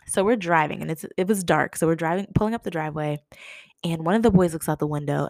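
A woman's voice: low voice, fast, no echo. A young woman from Massachusetts telling a personal story casually, laughing often and quoting herself in a livelier voice. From Massachusetts, USA.

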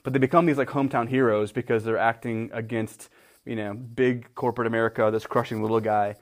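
A man's voice: mid-range voice, steady tone, quick pace. A man with a mid-range voice rambles through his thoughts on a film, full of fillers and restarts. Between his runs, he teases his co-host with a dry wit. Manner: rambling with many fillers and restarts, wry teasing. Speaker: podcast co-host. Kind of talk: casual chat about favorite movies.

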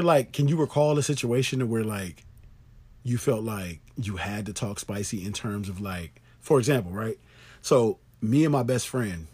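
A man's voice: fairly low pitch, darkish tone, breathy edge. A man co-hosting a podcast in a casual, slangy chat, often checking in with "you know what I'm saying.". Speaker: podcast co-host.

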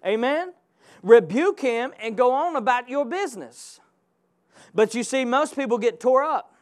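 A man's voice: extremely high pitch, expressive, a little slow. A man preaching a sermon with passion, calling out to his congregation. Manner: impassioned, calls out to the congregation.

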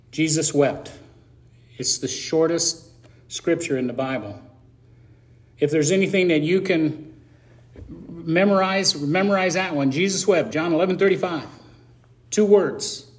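A man's voice: a little high, measured pace. A middle-aged man preaching a sermon in a conversational, emotional way, with self-deprecating asides.

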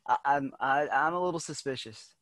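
A man co-hosting a casual sports podcast, quick to react and fond of jokes. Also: mid-range voice, no echo. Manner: animated, jokey, quick reactions. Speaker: podcast co-host.

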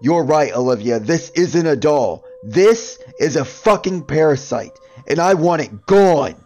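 Raging, stammering young husband, played by the narrator; pitched up and loud over music. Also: male voice, expressive, a little slow, dull audio. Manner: yelling, stammering. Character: grief-stricken young husband losing his grip. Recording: background music.

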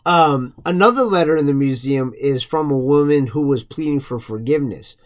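A man's voice: medium pitch, lively intonation, fairly quick, a little mellow. A man co-hosting a podcast, retelling a story casually with lots of swearing and jokes. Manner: profane, joking, mocking voices in quotes. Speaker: podcast co-host.

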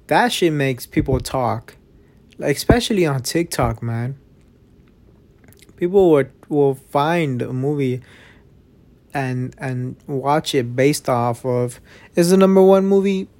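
Give me a slow, rambling young man, swearing often while he talks into his phone under a blanket in a dark bedroom. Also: fairly high pitch. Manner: rambling, profane, restarts often. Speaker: podcast host. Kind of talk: casual solo podcast chat. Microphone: phone microphone.

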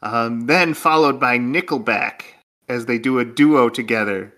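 A man's voice: medium pitch, measured pace, sharp tone. A man co-hosting a casual, comedic podcast chat, playful and joking, often breaking into laughter. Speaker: podcast co-host.

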